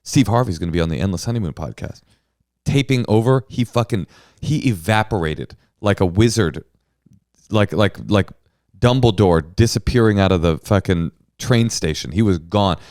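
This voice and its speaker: A man's voice: lowish voice, normal speed, no room sound, studio quality. A middle-aged man co-hosting a comedy podcast, telling stories animatedly and acting out the people he quotes. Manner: animated storyteller, acts out quotes. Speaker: podcast co-host. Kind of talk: casual comedic chat.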